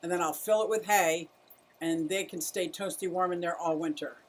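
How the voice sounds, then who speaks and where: A woman's voice: lowish voice, steady tone, moderate pace. A middle-aged woman chatting casually on a livestream about her pet turtles, greeting viewers and talking to her animals. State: out of breath at times.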